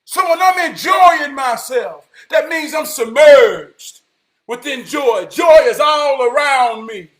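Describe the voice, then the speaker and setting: High-voiced preaching man, slow and rising. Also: animated. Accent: Southern US. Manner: preachy, builds to shouting then drops low. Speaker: motivational speaker. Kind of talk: inspirational talk.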